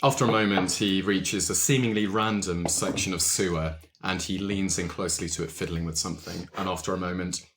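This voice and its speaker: A man narrating as game master of a tabletop game, relaxed and descriptive. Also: sits low, a little fast, few pauses, slight background noise.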